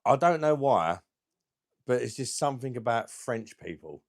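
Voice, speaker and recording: A man hosting a live stream, chatting casually and bluntly with viewers, crude and quick to laugh at his own jokes. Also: medium pitch, very animated, dry recording, clean studio sound. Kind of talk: casual live chat reading viewer comments.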